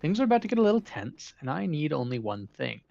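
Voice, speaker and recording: A man's voice: fairly high pitch, very animated, fast, gravelly, a little mellow, lo-fi sound. A man reading the lines of a haughty, condescending doctor aloud while playing a game. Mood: commanding. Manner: pompous, lofty, formal. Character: haughty male doctor, condescending bachelor of medicine.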